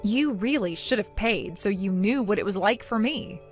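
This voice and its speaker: A woman's voice: medium pitch, lively intonation, normal speed, natural voice. A woman voicing a sarcastic daughter-in-law. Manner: sarcastic, mocking. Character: mocking young daughter-in-law, defiant. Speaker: narrator of the story. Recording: soft music behind.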